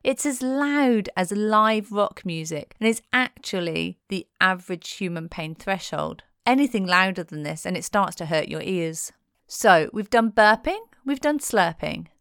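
A woman's voice: medium pitch, expressive, measured pace, gravelly, a bit bright, clear, resonant tone, dry recording, studio quality. A woman presenting in a playful, cheeky tone, reading a scripted narration.

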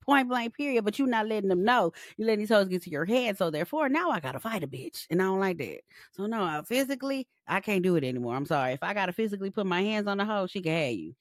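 Animated blunt woman podcast co-host. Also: medium pitch, fast talker, hardly any pauses, dry recording, clean studio sound. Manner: blunt, animated, heavy profanity and slang. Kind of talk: casual podcast chat.

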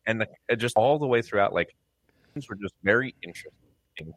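A man's voice: fairly low pitch, expressive, a little fast, no echo. A man co-hosting a music podcast, talking in a laid-back way with dry humor. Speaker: podcast co-host. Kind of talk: casual podcast chat.

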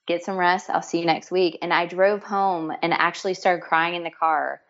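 A woman's voice: lowish voice, steady tone, normal speed, highs cut off. A middle-aged woman telling heartfelt stories in conversation, earnest and emotional, with many restarts and fillers. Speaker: guest. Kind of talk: storytelling in conversation.

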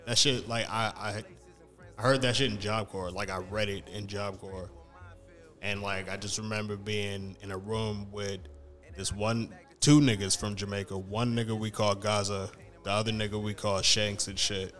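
A man chatting casually with friends, telling animated slang-filled stories and acting out other people's voices. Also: fairly low pitch, normal speed, soft background music. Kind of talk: casual chat, storytelling.

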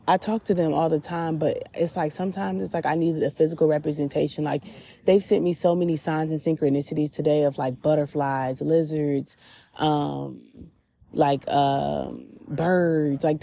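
A woman's voice: low-pitched, creaky, dark tone, husky. A woman hosting a podcast, talking candidly and casually about her spiritual reflections, with lots of "like" fillers, sitting outdoors at a beach. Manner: candid, chatty, filler-heavy with frequent "like". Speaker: podcast host.

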